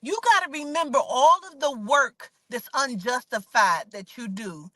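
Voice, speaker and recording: A woman's voice: on the high side, animated, measured pace, hardly any pauses, bright, forceful tone, no room sound. A woman telling stories in a casual, blunt and profane way, preaching a moral as a spiritual reader. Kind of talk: casual storytelling.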